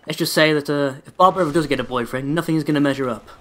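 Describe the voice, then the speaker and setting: Rapid-fire and on the high side, a man provides casual, rambling gameplay commentary full of sarcasm and frequent swearing. A sore throat has him holding his voice back.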